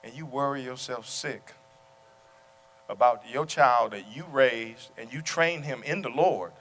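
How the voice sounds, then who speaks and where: A man's voice: mid-range voice, measured pace. Preaching man in an echoing church. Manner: preaching, builds to loud exclamations. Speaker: pastor. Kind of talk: sermon. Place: church sanctuary. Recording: long hall reverb.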